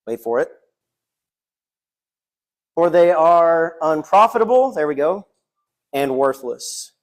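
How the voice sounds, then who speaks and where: A man's voice: a little high, animated, slow. A man preaching a sermon in a church, earnest and reading scripture aloud. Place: church sanctuary.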